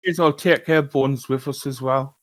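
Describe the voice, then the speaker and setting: A man playing a tabletop game, calm and decisive, speaking over a video call. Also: mid-range voice, normal speed, no echo. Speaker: player.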